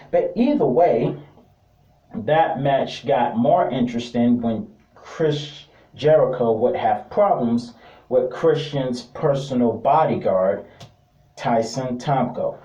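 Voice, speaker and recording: A man's voice: mid-range voice, mellow. Rambling male wrestling reviewer, distant mic. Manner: rambling, joking asides. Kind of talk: casual review monologue. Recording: roomy sound, distant mic.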